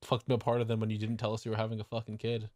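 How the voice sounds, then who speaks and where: A man's voice: on the low side, completely flat delivery, rapid-fire, no echo. Profane man in a dry, close sound. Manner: profane, bursts into loud mock-voiced quotes. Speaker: podcast co-host. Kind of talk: casual chat.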